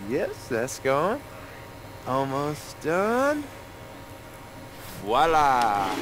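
A cocky, playful young campmate. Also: male voice, a little high, drawn-out words, noisy background, full character voice. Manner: playful, showy and expressive.

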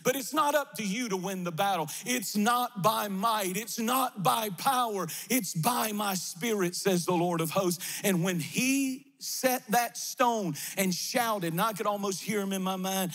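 A man's voice: high voice, measured pace, hardly any pauses, a bit bright. A middle-aged man, a pastor preaching a fervent, sing-song sermon in a near-empty church.

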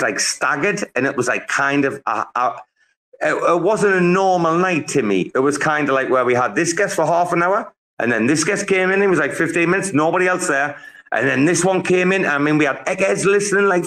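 A man's voice: medium pitch, fairly bright tone, rough recording. Man, forties, host, rambling, profane, casual chat. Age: 40s. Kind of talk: casual late-night chat. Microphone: phone.

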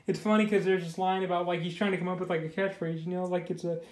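A man's voice: high-pitched, level tone, quick pace. A man casually reviewing a comic book, rambling loosely and filling his talk with "you know" and "like". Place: indoors. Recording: echoey room.

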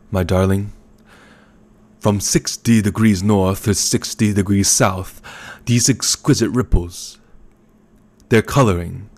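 A man reading an audiobook, voicing a fat, scheming older baron with a rumbling bass voice and a gloating, impatient manner. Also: a little mellow, full character voice.

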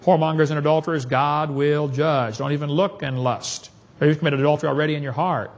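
A man's voice: a little high, steady tone, quick pace, highs cut off. A man giving a preaching seminar talk in a folksy, emphatic way, chuckling at his own jokes. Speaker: creationist speaker.

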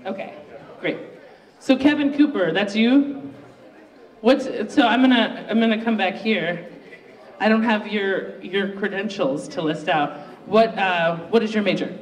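A host running a live student pitch contest in a university library event room. The host is chatty and upbeat and pokes fun at their own slip-ups. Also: unhurried, distant mic. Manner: upbeat, chatty, self-mocking. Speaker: game show host. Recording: roomy, echoey room recorded from afar.

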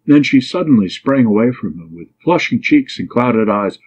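A man reading an audiobook story aloud in a measured, expressive way. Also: medium pitch, slightly rough. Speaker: audiobook reader. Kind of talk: storybook narration. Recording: dull lo-fi recording.

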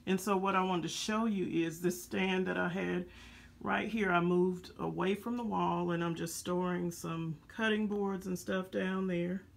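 A woman with vocal fry and a lowish, fairly even voice talks at a measured pace while presenting craft supplies. It's a chatty show-and-tell vlog from her home craft room, where she says "guys" to viewers and "um" frequently.

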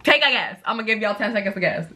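A woman's voice: mid-range voice, animated, very fast, bright, forceful tone. A young woman chatting casually while she does her makeup, telling stories in a bubbly way with lots of fillers. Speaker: beauty vlogger.

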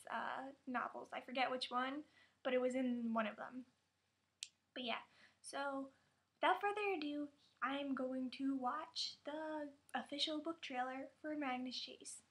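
High-pitched woman vlogger, chatty and excitable, laughs a lot. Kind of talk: casual reaction vlog.

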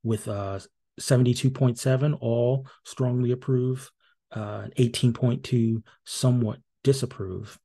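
A man hosts a solo podcast recap, his voice dark and mellow. He talks loosely, with plenty of ums and restarts, and drops dry, wry remarks as he goes. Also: mid-range voice, steady tone, unhurried, vocal fry, breathy edge. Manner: casual and rambling, many fillers and restarts. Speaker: podcast host.

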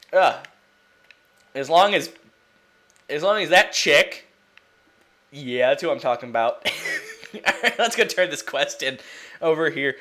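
A young man giving casual, rambling commentary while playing a video game, excitable and quick to swear. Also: on the high side. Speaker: let's play gamer.

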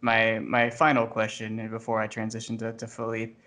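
Brief: male interviewer, monotone, measured questions. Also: lowish voice. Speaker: podcast host.

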